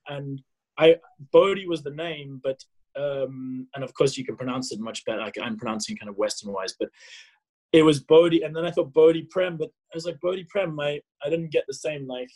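Husky-voiced storytelling man. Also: a little high, low-quality recording. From South Africa. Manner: animated, acts out his own past dialogue, many fillers and restarts. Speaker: podcast guest. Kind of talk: casual storytelling.

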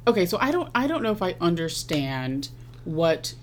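A woman co-hosting a podcast, chatting casually about a TV episode, animated and laughing as she acts out quotes. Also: fairly low pitch, moderate pace, slight background noise. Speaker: podcast co-host. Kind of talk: casual chat recapping a TV episode.

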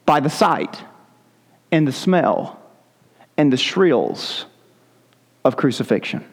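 A man's voice: mid-range voice, big pitch swings, takes it slowly, big-room sound. A male pastor preaching a sermon in a church, retelling scripture in a vivid, dramatic storytelling manner. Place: church sanctuary.

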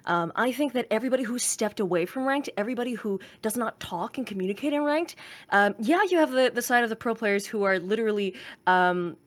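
A woman with a slightly high voice speaks candidly in a casual podcast debate. She sounds animated and laughs easily as she talks. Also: brisk. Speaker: podcast guest.

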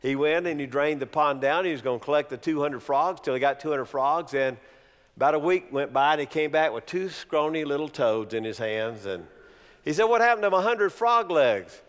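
A man's voice: a little high, moderate pace. A man preaching a sermon, asking his congregation questions and mixing in jokes. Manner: animated, humorous preaching with rhetorical questions. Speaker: pastor. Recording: long reverb of a large hall.

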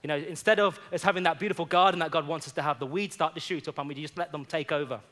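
A man's voice: on the high side, racing, a bit bright. A man preaching in a church, telling personal stories in an earnest, conversational way, often saying "you know". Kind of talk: sermon with personal storytelling.

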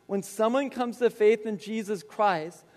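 Man, pastor, sermon, high voice, long hall echo, animated storytelling. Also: measured pace. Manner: storytelling, animated retelling with quoted dialogue.

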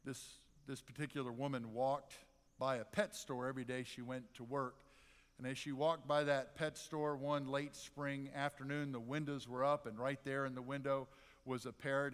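A man preaching a sermon as pastor, animated and conversational, with dramatic pauses. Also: mid-range voice, clean tone, long reverb tail. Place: church sanctuary.

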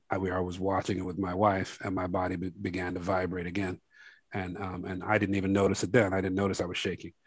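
A documentary filmmaker speaks in a very deep, level voice that rarely rises or falls. He talks slowly and thoughtfully, circling back with fillers and restarts. The sound is dry and close, with no room around it. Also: dry recording. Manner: reflective, halting, many fillers and restarts; grows softer and lower toward the end. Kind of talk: interview conversation.

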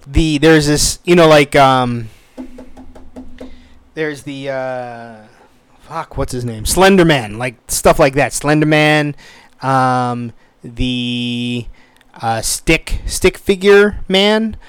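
A man in his thirties telling a story in a casual, animated way, swearing freely. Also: mid-range voice, takes it slowly, smooth. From United States. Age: 30s. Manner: animated, swears freely, acts out quoted voices.

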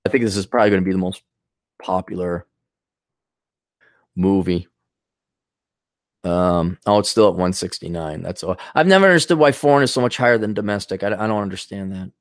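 A man's voice: low-pitched, expressive, brisk, pauses often, dry recording, studio quality. A man hosting a solo podcast, ranting bluntly and scornfully with a lot of profanity, wandering off on tangents and restarting his sentences. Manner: loose, digressive, with frequent restarts. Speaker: podcast host.

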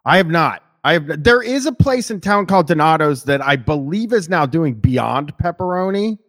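A man's voice: fairly high pitch, lively intonation, normal speed, a bit bright. A man in casual conversation who rambles, restarts his sentences, swears freely and laughs easily. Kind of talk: casual chat.

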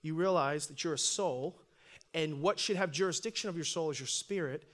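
Middle-aged male pastor with a light, high voice; animated sermon storytelling that swells loud at its peaks. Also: normal speed.

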